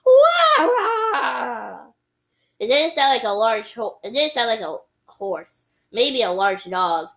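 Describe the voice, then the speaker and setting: A woman's voice: mid-range voice, measured pace, few pauses, fairly bright tone, low-quality recording. A woman reading a children's book aloud expressively, with playful sound effects and occasional slips. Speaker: reader.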